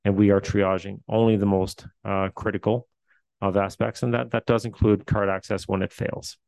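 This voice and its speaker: A man's voice: lowish voice, little pitch movement, moderate pace, creaky, darkish tone, dry recording. A man with a Newfoundland accent, a facilities administrator answering questions at a meeting, hesitant with many fillers and restarts.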